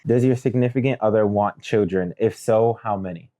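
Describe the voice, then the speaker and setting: A man's voice: on the low side, moderate pace, warm tone. A young man co-hosting a casual podcast, laid-back and joking. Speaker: podcast co-host. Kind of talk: casual chat.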